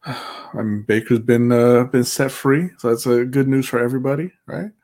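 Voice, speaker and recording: Relaxed guy on a sports stream, chuckles a lot, mid voice. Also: medium pitch, normal speed. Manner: laid-back, chuckles, short interjections. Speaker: co-host of a sports livestream. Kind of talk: casual livestream chat.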